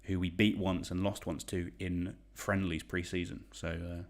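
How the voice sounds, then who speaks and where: Quiz host, young English man, deep voice, casual and chatty, pokes fun at himself. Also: little pitch movement, normal speed. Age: young adult. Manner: chatty, self-deprecating, reads shout-outs. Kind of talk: casual quiz hosting livestream.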